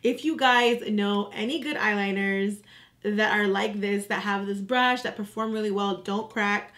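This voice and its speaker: A woman's voice: mid-range voice, unhurried. A young woman chatting casually to her viewers as she walks through a makeup tutorial. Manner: chatty, relaxed, addresses viewers as "you guys". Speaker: beauty vlogger.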